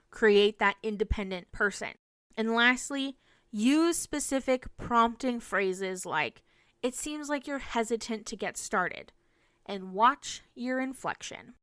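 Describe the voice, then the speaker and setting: Young woman teacher, podcast host: earnest explainer, highish smooth voice, dry close mic. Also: fairly bright tone, no echo. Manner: earnest, explanatory, demonstrates phrases.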